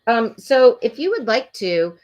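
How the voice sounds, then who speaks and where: A woman's voice: on the high side, sing-song, a little slow, darkish tone. A woman hosting a true crime show, talking casually and indignantly with many fillers. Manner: opinionated, indignant, rambling with fillers.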